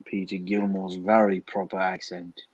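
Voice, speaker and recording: A man's voice: sits low, flat delivery, moderate pace, no echo, highs cut off. A man co-hosting a late-night stream, chatting casually and rambling about guests and accents. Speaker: co-host.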